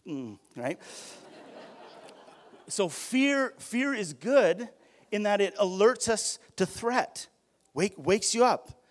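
A man preaching a conversational, earnest sermon, often restarting his sentences and acting out quick quoted exchanges. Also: a little high. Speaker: pastor.

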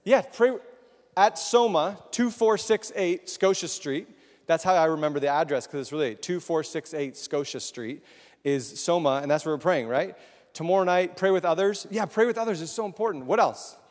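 Speaking a little fast in a voice on the high side, a male preacher delivers a chatty, informal sermon full of questions for the crowd. The recording carries the long reverb of a large, echoing hall.

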